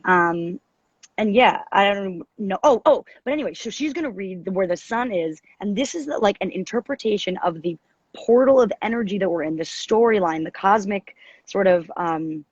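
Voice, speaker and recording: Raspy deep-voiced woman rambling. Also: moderate pace, no room sound, highs cut off. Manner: rambling, animated, self-interrupting. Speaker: podcast co-host and astrologer. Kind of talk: casual spiritual chat. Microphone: video call.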